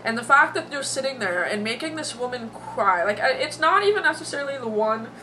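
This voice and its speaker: Young woman vlogger, teary and emotional, rambling, bright tense voice, faint background hiss. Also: on the high side, sing-song, fairly quick, poor audio. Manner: emotional, rambling, heavy on "like" and "you know". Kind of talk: casual vlog commentary. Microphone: camera mic.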